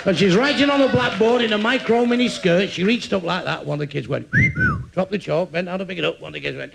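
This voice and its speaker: A man telling crude stand-up jokes live, blunt and deadpan in his punchlines. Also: sits high, a little fast, gravelly. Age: 60s. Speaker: stand-up comedian. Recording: noisy live club recording. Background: audience laughter.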